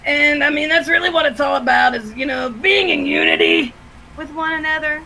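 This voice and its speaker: A woman who works as a haunted attraction actor, chatting loudly and animatedly over a video call as a guest, laughing through her stories and swearing freely. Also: high voice, wildly swooping pitch, a little fast, a crowd in the background, poor audio. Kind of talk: casual storytelling chat.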